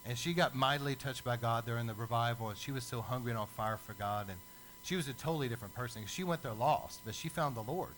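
Man, preacher, storytelling sermon, animated, average pitch, faint hum behind. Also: fast talker, rough recording. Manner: lively storyteller who acts out the people in his stories.

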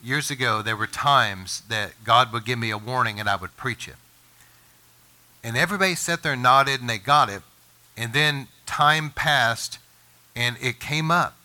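Bright-voiced impassioned preaching man. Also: moderate pace. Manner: impassioned preaching, rises in pitch and volume when emphatic. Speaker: pastor. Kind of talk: sermon.

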